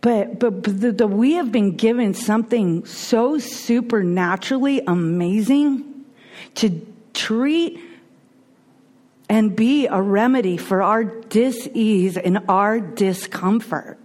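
Middle-aged woman, plain mid pitch, earnest testimony, animated and candid. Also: takes it slowly. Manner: earnest, animated, frequent restarts and you-knows. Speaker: recovery meeting speaker. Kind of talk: personal testimony talk.

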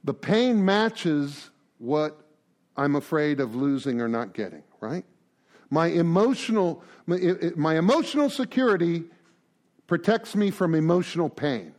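Animated man giving a recovery talk. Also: a little high, measured pace. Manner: animated, acts out conversations, frequent "right?" and "man". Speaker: recovery group speaker.

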